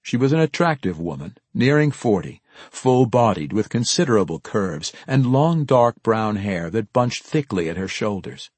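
Male audiobook narrator, low husky voice, dry close studio sound. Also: sing-song, moderate pace, hardly any pauses, a little mellow, no room sound. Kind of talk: scripted narration.

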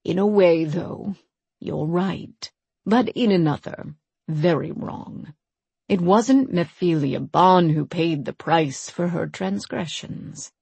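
A woman voicing an ancient, unhurried priest. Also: on the low side, gravelly, slightly rough, dry recording, exaggerated voice. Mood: measured. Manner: calm, measured storytelling.

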